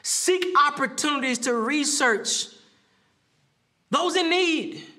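Male pastor, very high and bright voice, lively preaching style with frequent laughter. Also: slow pace. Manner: animated preaching with laughs and repeated phrases; acts out quoted speech with rising pitch. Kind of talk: sermon.

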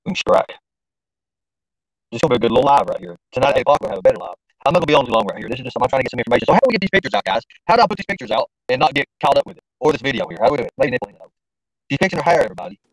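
He's very animated and speaks very fast at a medium pitch, hosting an easygoing stream where he rambles, uses slang and talks to himself while messing with the screen. The recording is rough and lacks room sound.

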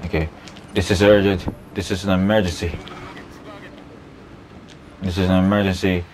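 A man giving casual let's play commentary on a park-building game, chatty and excitable, talking to the dinosaurs and laughing often. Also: sits low, moderate pace, slight background noise. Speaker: gameplay YouTuber.

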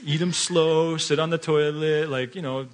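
A man quoting a calm, practical mother. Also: fairly high pitch, normal speed, natural voice. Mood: instructive. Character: calm adult mother giving a sick child instructions.

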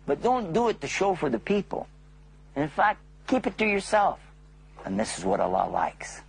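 A man narrating a religious story for children, often turning to his listeners with questions. His voice is gravelly and raspy, a bit high for a man, and it rises and falls with lots of life. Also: moderate pace. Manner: animated, asks the listeners questions.

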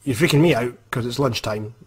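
A Scottish man voicing his blunt, matter-of-fact boss, close to his own husky voice. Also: mid-range voice, fairly quick, natural voice.

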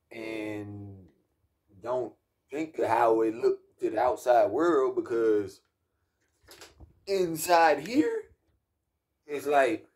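Young man, casual rambling rant, profane, animated storytelling. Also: fairly high pitch.

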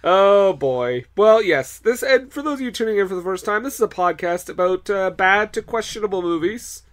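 A man's voice: high-pitched, expressive, normal speed. A man co-hosting a podcast about bad movies, chatting casually and joking with frequent laughter. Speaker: podcast co-host. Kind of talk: casual chat.

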